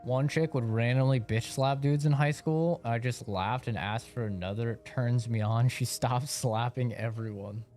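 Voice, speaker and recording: A man's voice: medium pitch, fairly even intonation, moderate pace, few pauses, a little mellow. Casual young man, laid-back, cussing, laughing, mid-range voice. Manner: laid-back, swears freely, laughs while telling. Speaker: gaming streamer. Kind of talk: casual storytelling on a live stream.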